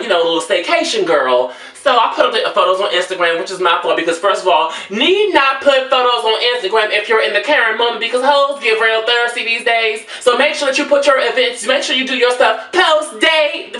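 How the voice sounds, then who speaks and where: A woman's voice: sits high, pushed and bright, reverberant, far from the mic. A woman telling a sassy story as a rant to her viewers, brassy and dramatic, calling them honey. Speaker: vlogger.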